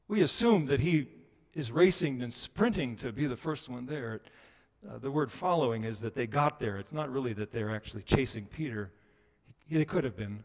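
A man preaching a sermon, moving between hushed passages and loud, emphatic ones. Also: mid-range voice, animated, moderate pace. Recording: long reverb of a large hall.

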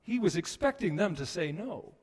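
A man's voice: sits high, normal speed. Man preaching with dramatic swings in volume. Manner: expressive, swinging between hushed and loud emphasis. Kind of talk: sermon. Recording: long reverb of a large hall.

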